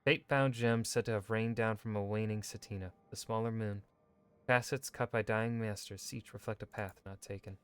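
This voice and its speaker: A man streaming a video game, reading in-game lore texts aloud in a measured, steady way with brief asides. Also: fairly low pitch, clear, resonant tone. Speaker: gaming streamer.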